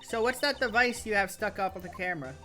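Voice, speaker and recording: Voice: medium pitch, fast talker, bright, forceful tone, soft background music, pitched above the performer's own voice, close to an everyday voice. A streamer reading the lines of an earnest young male defense lawyer from a game, polite and a bit flustered.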